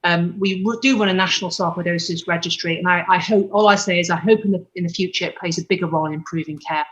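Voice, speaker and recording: A woman's voice: lowish voice, fairly even intonation, fast, highs cut off. A woman doctor giving an earnest conference presentation over a video call, correcting herself now and then. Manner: earnest, explanatory, with self-corrections.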